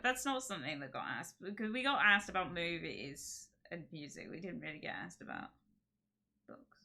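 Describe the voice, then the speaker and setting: Giggly woman streamer, bright voice. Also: lowish voice, very animated, moderate pace, gravelly. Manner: rambling, giggly, self-interrupting. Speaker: streamer host. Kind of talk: casual chat on a livestream.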